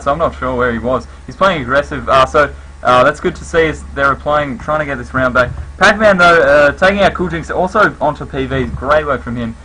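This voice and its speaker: Male play-by-play caster, bright and punchy, calls kills with sudden lifts. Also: mid-range voice, slight background noise, low-quality recording. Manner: rapid calls with bursts of excitement on kills. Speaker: esports commentator. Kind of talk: live play-by-play game commentary.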